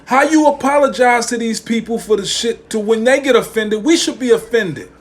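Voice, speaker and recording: The voice belongs to a man with a very high pitch who hosts a podcast and talks at a moderate pace. It's an opinionated rant, emphatic and full of profane slang, with lines repeated for emphasis.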